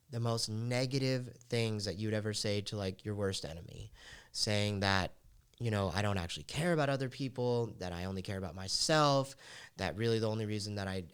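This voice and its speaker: A man's voice: on the low side, a bit bright, clear, resonant tone. A man hosting a podcast, telling a personal story in a raw, confessional way full of casual fillers like "like.". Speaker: podcast host.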